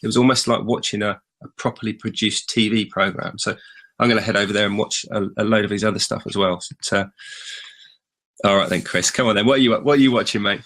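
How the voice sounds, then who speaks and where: Chatty podcast host. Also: male voice, on the low side, fast. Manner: relaxed, chatty, steering the conversation. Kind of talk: casual podcast chat.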